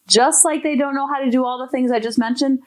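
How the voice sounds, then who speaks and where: A woman's voice: high-pitched, steady tone, fast talker, a little mellow. A woman hosting a parenting podcast, talking in an emphatic, enthusiastic way. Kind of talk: podcast talk.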